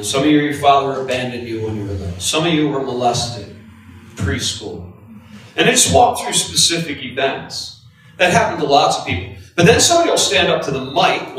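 A man preaching a sermon, telling a personal story in an animated, confessional way. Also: medium pitch, slight background noise. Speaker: pastor. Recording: echoey hall from far off.

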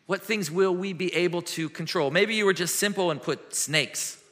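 A middle-aged man preaching a sermon as a pastor, telling stories with lively swings between loud and hushed. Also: sits high. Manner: animated storytelling with quick shifts from loud to hushed. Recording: long hall reverb.

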